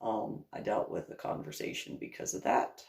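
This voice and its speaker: A woman's voice: normal speed, a little mellow. A woman from New Jersey telling a long, rambling story in a casual vlog, laughing often and acting out what she said. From New Jersey, USA. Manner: rambling, laughs often, acts out her own orders. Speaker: vlogger.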